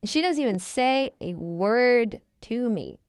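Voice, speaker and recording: Her voice runs on the high side, expressive and slow, in clean studio sound without room noise. She's a podcast guest in her twenties, chatting casually through her story and voicing the people she quotes.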